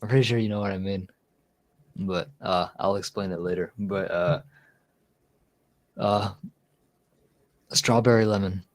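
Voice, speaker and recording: A man's voice: sits low, fairly even intonation, unhurried, long pauses. A man hosting a livestream in casual chat, tipsy, rambling and joking, laughing often. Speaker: livestream host.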